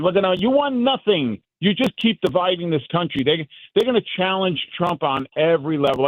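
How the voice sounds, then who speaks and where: A man's voice: mid-range voice, dry recording, highs cut off. A man from New York, a former officer, giving heated political commentary as a radio guest, indignant and mocking opponents. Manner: indignant, mocks opponents with put-on quotes.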